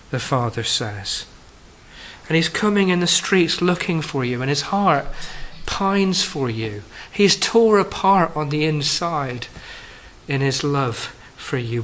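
Male preacher, fairly high voice, animated delivery with soft low drops, faint hiss behind. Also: slow pace, low-quality recording. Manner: animated, rising pitch on emphasis, drops low and soft on key lines. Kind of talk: sermon.

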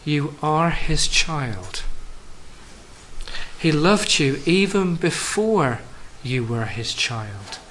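A man preaches a sermon in a fairly high voice, lifting his pitch and volume for emphasis, then falling soft and low on key phrases. He speaks straight to the congregation. A faint hiss runs under the recording. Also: big pitch swings, drawn-out words, rough recording.

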